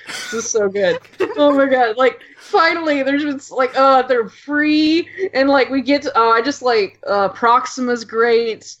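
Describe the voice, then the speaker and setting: Female podcast guest, higher voice, excitable fan gushing, lo-fi audio. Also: measured pace. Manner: gushing, excitable, acts out scenes, lots of "like". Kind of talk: casual podcast chat.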